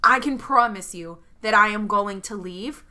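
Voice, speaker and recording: A woman's voice: mid-range voice, normal speed, bright, forceful tone. A woman voicing her young female character in a tabletop game, an earnest leader who apologizes and then confronts. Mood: remorseful.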